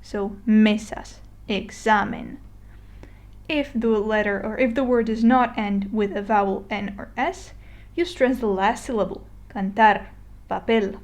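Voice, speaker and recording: Woman, slightly high voice, patient step-by-step explainer, recorded video lesson. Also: moderate pace, darkish tone. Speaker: Spanish teacher.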